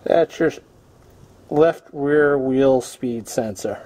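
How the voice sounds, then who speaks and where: A man's voice: mid-range voice, drawn-out words, mellow. Chatty self-mocking man fixing a car. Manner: chatty, self-deprecating, talks to viewers while working. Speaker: homesteading channel host. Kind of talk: casual DIY repair tutorial. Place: home garage beside a car.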